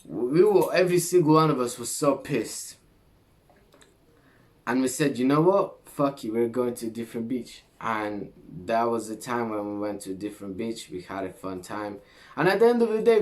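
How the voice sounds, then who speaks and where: A young man from Greece telling a story to camera in a casual vlog, animated and full of swearing and slang. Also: mid-range voice, moderate pace. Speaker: vlogger.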